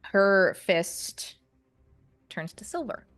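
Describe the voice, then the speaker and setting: A woman narrating as game master of a tabletop game, relaxed with many fillers. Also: mid-range voice, extremely slow, dry recording. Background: faint music.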